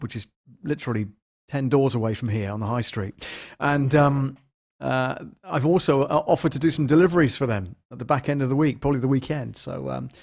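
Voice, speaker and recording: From a bare apartment lounge, a man hosts a casual live stream, rambling and chatty, greeting viewers by name and saying "um" a lot. His mid-range voice has vocal fry, and he speaks into a large studio microphone that sometimes gets moved around.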